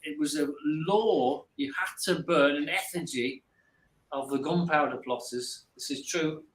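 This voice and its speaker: A man's voice: a little high, unhurried, fairly bright tone, reverberant. A man, rambling through a story in casual live chat and repeating his words.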